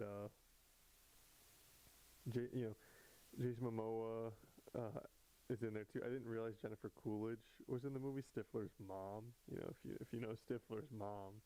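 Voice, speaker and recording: A man's voice: fairly low pitch, gravelly, mellow, poor audio. A man hosting his own vlog from home, chatting casually and rambling with many fillers and restarts. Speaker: vlog host. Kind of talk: casual solo chat.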